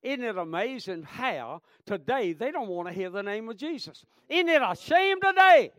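A man's voice: very high-pitched, sing-song, normal speed, a bit bright, no room sound, clean studio sound. A man preaching a sermon with fervor, repeating phrases and calling out to the congregation. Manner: fervent, repetitive, calls out "Amen?" and "friend".

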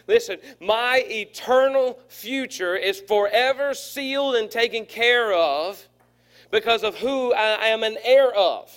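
A man's voice: high-pitched, slow, fairly bright tone, clean tone. A man preaching a sermon to his church, folksy and joking, acting out characters in his stories. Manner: folksy and humorous, acts out voices in stories. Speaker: pastor.

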